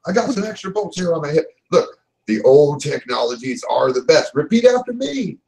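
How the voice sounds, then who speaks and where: A man voicing a reckless, excitable male pilot who talks with carefree bravado. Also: fairly high pitch, moderate pace, creaky, voice pushed up. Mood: eager. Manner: loud, drawling, carefree bravado.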